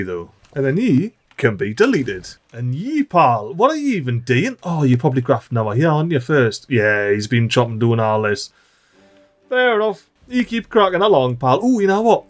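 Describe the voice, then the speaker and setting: A man chatting excitably through a let's-play video and talking to his game characters. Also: mid-range voice. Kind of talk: casual gameplay commentary.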